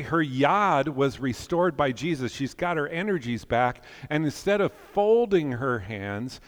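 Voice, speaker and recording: A man in his fifties preaching a sermon as pastor, animated and jokey, swinging between loud urging and quiet, earnest reflection. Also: medium pitch. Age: 50s. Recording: long hall reverb.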